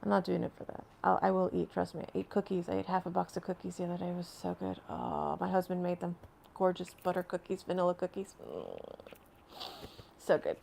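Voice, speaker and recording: Woman, live stream host, casual chat from home, rambling, answers viewer comments, laughs often, gravelly voice. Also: fairly low pitch, animated, a little fast, darkish tone, slight background noise. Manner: laughs often between phrases.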